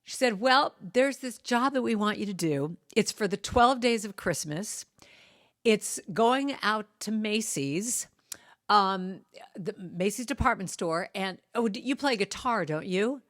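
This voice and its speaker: A middle-aged woman, speaking as a guest at a storytelling talk, shares a personal story with animation, acting out the voices of the people in it. Her voice is medium-pitched and a little slow, with clean studio sound and no room echo.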